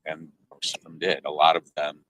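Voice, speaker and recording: A man, a guest on a livestream interview, explaining things haltingly with many fillers. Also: rumbling low, monotone, fairly bright tone, slight background noise, rough recording.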